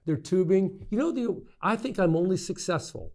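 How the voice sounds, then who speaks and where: Middle-aged male politician guest, lively storyteller, frequent restarts and stammers, conversational. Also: high-pitched, moderate pace. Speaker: state senator, podcast guest. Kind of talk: candid interview storytelling.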